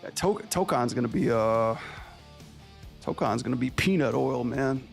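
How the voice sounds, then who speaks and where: A man who animates and streams, chatting casually with his viewers in a relaxed, slangy way over faint guitar music. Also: medium pitch, a little slow, creaky. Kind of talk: casual livestream chat.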